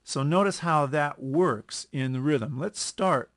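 A music instructor teaches a lesson over a screen recording, his voice a little high and a bit bright. He explains at an unhurried pace, correcting himself and counting beats aloud.

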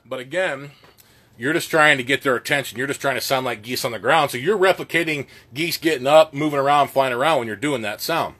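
A man's voice: mid-range voice, brisk, noisy background. Folksy man teaching goose calls. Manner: plainspoken, folksy, with filler words. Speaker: goose calling instructor. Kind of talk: casual instructional talk.

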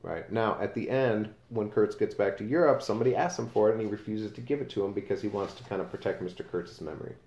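A male teacher with a fairly low, soft-edged voice walks through a novel in a relaxed, explanatory way, stopping to read passages aloud. The sound carries a roomy echo around him. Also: fast talker, few pauses. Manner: casual explanatory, reads quotes aloud with page numbers.

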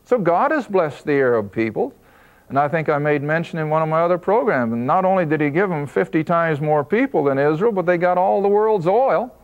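Male Bible teacher, somewhat high voice, emphatic delivery, muffled lo-fi recording. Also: lively intonation. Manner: emphatic, slows down to stress key points. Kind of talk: Bible study lesson.

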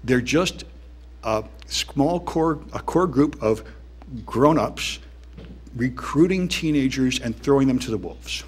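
A man's voice: mid-range voice, lively intonation, slow pace, slight background noise. A man giving a conference talk in a wry, dismissive, conversational way, with plenty of "um"s and "anyway"s. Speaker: conference speaker. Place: conference hall.

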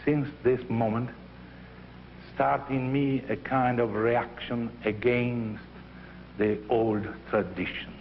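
A man's voice: medium pitch, slow pace. Older Italian-accented man teaching opera. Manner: animated, acts out scenes and voices while teaching. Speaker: opera teacher leading a masterclass. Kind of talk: teaching and storytelling. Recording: dull lo-fi archival recording with faint noise.

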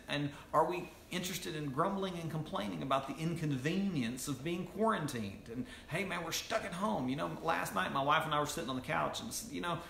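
A man's voice: on the high side, gravelly, a bit bright, a little hiss or hum. Man preaching in a roomy church. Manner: casual preaching with frequent asides. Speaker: pastor. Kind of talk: sermon. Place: church sanctuary.

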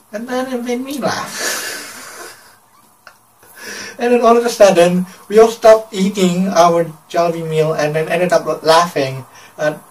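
A man narrating a casual travel vlog, hesitant and full of fillers and pauses. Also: sits high, far from the mic, low-quality recording. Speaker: vlogger.

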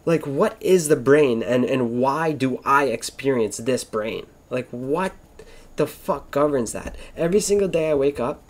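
A man's voice: mid-range voice, animated, measured pace. A man rambling through a casual monologue, swearing constantly, wandering between thoughts and trailing off mid-sentence. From Florida.

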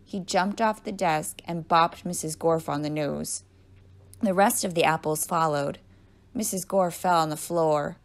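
Creaky-voiced woman reading a children's story. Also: sits low, measured pace. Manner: clear, storytelling read-aloud. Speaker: librarian.

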